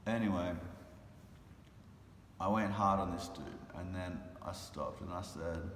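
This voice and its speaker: A man's voice: low-pitched, unhurried. A tired, frustrated man in a casual vlog monologue, talking in heated, impassioned bursts. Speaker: vlogger and animal rights speaker. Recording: roomy echo with long reverb and faint noise.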